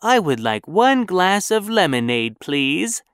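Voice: medium pitch, very animated, slow, smooth, no echo, clean studio sound, full character voice. A reader doing a sweet little old lady. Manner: soft, apologetic and sweet. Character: little old lady with white hair and a cane, gentle and polite.

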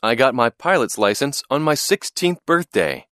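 A man reads a first-person story aloud in a clear, expressive way. His pitch moves with a lot of life. The sound is dry and close. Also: moderate pace, no room sound. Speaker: narrator. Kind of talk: scripted storybook narration.

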